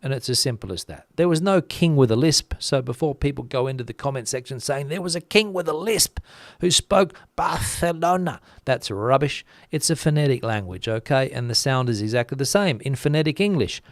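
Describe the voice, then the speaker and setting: A man from Australia hosting a vlog, answering viewer comments in a blunt, deadpan way. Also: mid-range voice, fairly quick, few pauses, no echo, clean studio sound. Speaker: vlog host. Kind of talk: casual talk to camera, answering viewer comments.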